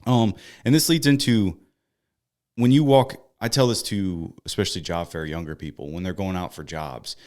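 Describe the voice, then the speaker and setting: A man with a low, smooth and resonant voice co-hosts a casual podcast. He talks in an upbeat, energetic way and cracks jokes as he chats. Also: moderate pace. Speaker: podcast co-host.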